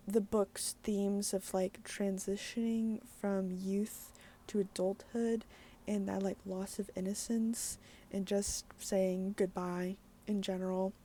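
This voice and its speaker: A woman's voice: medium pitch, warm tone. A woman chatting casually in a daily book vlog, candid and full of fillers, with some swearing. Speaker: book vlogger.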